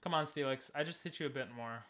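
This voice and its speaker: A man's voice: mid-range voice, fast talker, a bit bright. A young man giving casual, joking commentary while streaming a game and talking with chat. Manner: chatty, joking, talks to chat.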